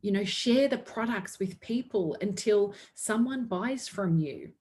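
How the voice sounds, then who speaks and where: A woman's voice: mid-range voice, lively intonation, a little slow, a little mellow. A woman giving an earnest motivational talk to her sales team, upbeat and laughing often. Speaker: network marketing team leader.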